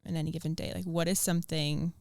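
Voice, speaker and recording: A woman co-hosting a relaxed podcast and asking her guest easygoing questions. Her voice sits low with a gravelly fry. The recording is dry and close. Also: fast, no echo. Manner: relaxed, laughs easily, asks questions. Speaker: podcast co-host. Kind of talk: casual interview chat.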